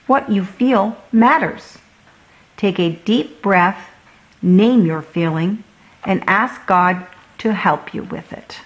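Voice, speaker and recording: A woman doing a shy, gentle little boy. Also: medium pitch, takes it slowly, lo-fi sound, lightly acted. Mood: comforting. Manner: quiet and gentle. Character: shy, thoughtful young boy.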